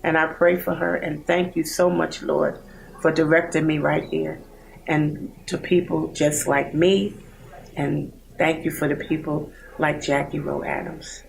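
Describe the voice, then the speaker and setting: A woman in her sixties, a bereaved mother giving a heartfelt, halting personal testimony. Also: low voice, level tone, gravelly, a little hiss or hum, low-quality recording. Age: 60s. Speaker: bereaved mother in a support program.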